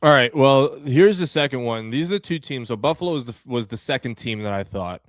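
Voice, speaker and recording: A man's voice: mid-range voice, lively intonation, a little fast, no echo. A man hosting a sports podcast, talking casually and with energy as he lays out his ideas, using many fillers. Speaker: podcast host.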